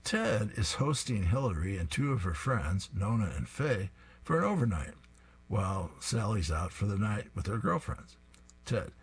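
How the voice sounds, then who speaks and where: A man's voice: lowish voice, very animated, normal speed, slightly rough. A man reading comic strips aloud, describing each panel with amused asides.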